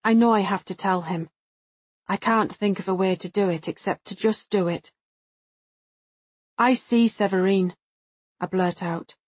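Female audiobook narrator, calm and reflective first-person read, dry booth sound. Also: fairly low pitch, slightly rough, dry recording. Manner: measured and reflective.

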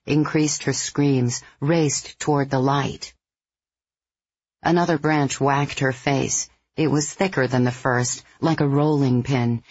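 Thriller narrator, mid-pitched, unhurried, dry close studio, slightly dull. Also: husky, no room sound. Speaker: audiobook narrator. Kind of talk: third-person audiobook narration.

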